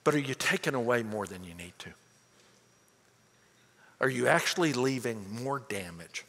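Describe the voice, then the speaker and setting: A man preaching a sermon, earnest, often repeating words as he starts a phrase, moving between loud emphasis and quiet storytelling. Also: mid-range voice, expressive, normal speed. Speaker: pastor. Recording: long hall reverb.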